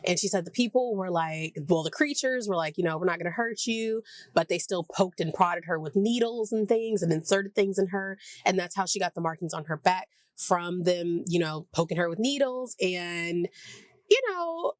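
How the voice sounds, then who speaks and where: Recapping a TV episode, a Southern-accented woman vlogger talks at a moderate pace in a fairly low voice, with no room sound. Her style is loose and talkative, packed with "like," and she voices the characters' lines herself.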